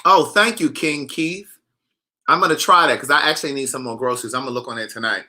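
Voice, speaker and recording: Male host, sassy, animated gossip chatter, very bright and forceful tone. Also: mid-range voice, fast. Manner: animated, sassy, talks straight to viewers. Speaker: author hosting a live chat. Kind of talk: casual gossip chat reading viewer comments.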